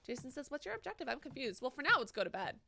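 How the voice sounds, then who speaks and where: A woman's voice: high-pitched, sing-song, rapid-fire, creaky, sharp tone, a little hiss or hum. A woman live-streaming a game, chatting casually, swearing freely and reading viewers' messages aloud. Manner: swears freely, reads chat aloud and reacts to it. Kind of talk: casual live-stream chat while gaming.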